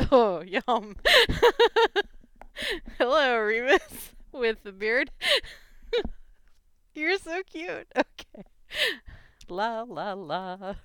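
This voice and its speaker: Casual woman vlogger, emotional and giggly, a little high-pitched, leisurely pace. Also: a bit bright, no echo. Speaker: fan fiction vlogger. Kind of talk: casual chat reading gifts.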